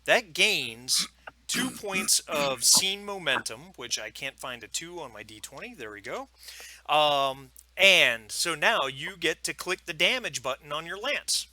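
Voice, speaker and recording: A man running a tabletop game as game master, with a very bright, sharp voice. He narrates and walks players through the rules in a loose, easygoing way full of "uh" and "you know". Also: a little high, measured pace. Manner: relaxed, explains rules with many fillers.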